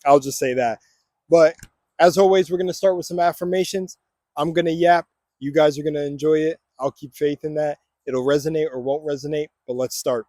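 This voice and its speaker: A man's voice: a little high, a little fast, dark tone, dry recording, studio quality. A young man recording a motivational vlog on his phone while out walking, speaking with energy and chanting affirmations like a preacher. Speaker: vlogger. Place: outdoors on a walk. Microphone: phone camera.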